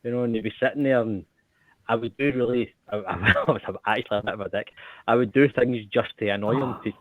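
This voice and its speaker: Brief: male UK caller, casual storyteller, mid-pitched, telephone-quality sound. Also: fast, dry recording. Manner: animated, swearing storyteller. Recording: phone-line audio.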